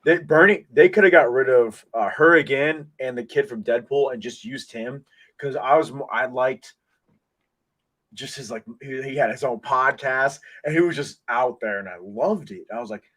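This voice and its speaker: A man hosting a casual podcast, talking in an excitable, rambling way full of restarts, into a desk mic. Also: medium pitch, normal speed. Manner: excitable, rambling fan talk with many restarts. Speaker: podcast host. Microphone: desk microphone.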